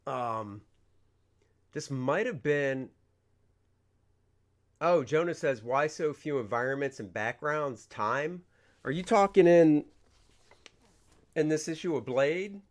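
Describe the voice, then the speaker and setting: Rambling casually on his livestream, a comic artist reads viewers' questions and acts out the panels he's drawn. His voice is on the high side, and he takes it slowly with frequent pauses.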